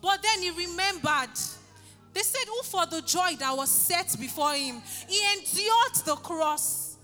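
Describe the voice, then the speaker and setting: A woman's voice: very high voice, animated, unhurried, sharp tone, big-room sound, faint music behind. A woman, preaching a sermon and leading an altar call, pleading fervently and repeating her phrases. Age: 30s.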